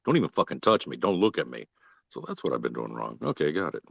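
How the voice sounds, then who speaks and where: A man acting out a furious wife who yells and swears at her husband. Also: extremely low pitch, expressive, fast talker, gravelly, no echo, lo-fi sound, voice pushed down, exaggerated voice. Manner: profane, shouting.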